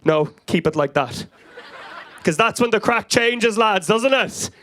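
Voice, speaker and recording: High-voiced Irish man doing stand-up. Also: animated, measured pace, pushed and bright. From Ireland. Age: 30s. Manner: frenetic, anecdotal, crowd-working. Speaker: stand-up comedian. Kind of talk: stand-up comedy set. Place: comedy club stage before a live audience.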